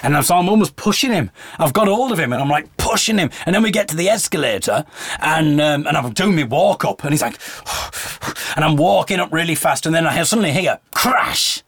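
A man tells a story on his podcast, jumping into other people's voices as he goes. His voice sits a little high. The sound is close and dry. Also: brisk, breathy edge, no room sound. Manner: animated storyteller, acts out quoted voices. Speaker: podcast host. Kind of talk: casual storytelling chat.

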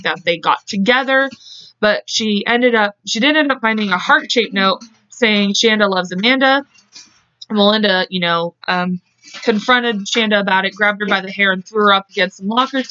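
A woman's voice: medium pitch, sharp tone, no room sound. Chatty swearing woman telling a crime story. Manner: chatty, swears freely, self-interrupting with asides. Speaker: podcast co-host. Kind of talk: casual true-crime storytelling. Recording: muffled lo-fi dry mic.

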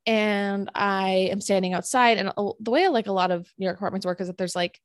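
A woman telling a personal story in casual chat, animated and full of "like" fillers. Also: mid-range voice, fairly quick, dry recording, studio quality. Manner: animated, filler-heavy retelling with many "like"s.

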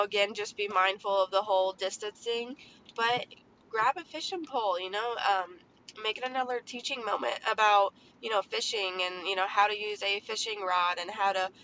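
Woman in her thirties, casual parenting podcast, rambling and chatty, bright voice, slightly dull recording. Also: mid-range voice. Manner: rambling, chatty, many fillers. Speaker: podcast host. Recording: slightly dull lo-fi sound with faint background noise.

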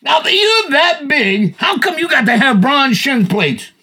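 An older man telling Bible stories in a folksy, animated, casual chat as a podcast co-host. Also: very high-pitched, unhurried. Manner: folksy, animated, acts out voices.

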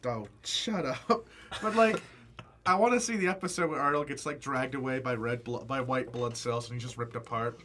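A young man chatting casually as a co-host, animated and quick to exclaim, often repeating words. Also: medium pitch, slight background noise. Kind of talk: casual chat.

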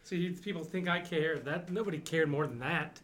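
A middle-aged man chatting on a podcast, reacting with warm, laughing remarks. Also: fairly high pitch, moderate pace. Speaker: departing podcast co-host. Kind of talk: casual podcast chat.

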